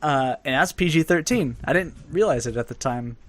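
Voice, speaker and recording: A man's voice: on the high side, lively intonation, moderate pace. A young man co-hosting a podcast in casual chat, rambling and laughing often as he talks. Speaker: podcast co-host.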